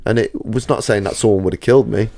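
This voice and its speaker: A man speaks earnestly as a podcast guest telling stories from his life. His voice is very deep, with a rough, gravelly edge. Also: fast, warm tone. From England. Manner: earnest, storytelling. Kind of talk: casual chat.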